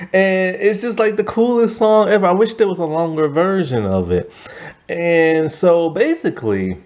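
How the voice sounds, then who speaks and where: Casual male reviewer, rambling and filler-heavy, lively pitch, sounding a little tired. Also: a little slow. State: tired, yawning. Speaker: show reviewer. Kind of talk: casual spoken episode review.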